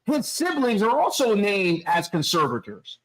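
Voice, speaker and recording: A man co-hosting a podcast, explaining in a measured way during a casual debate, with a wry edge. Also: sits high, wildly swooping pitch, fairly bright tone, rough recording. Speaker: podcast co-host.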